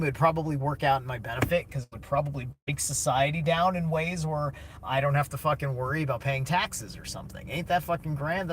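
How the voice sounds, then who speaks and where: A man's voice: on the high side, fairly bright tone, slight background noise. Blunt, foul-mouthed man ranting on stream. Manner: heavy swearing, blunt. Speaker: streamer reading chat. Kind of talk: casual opinionated monologue.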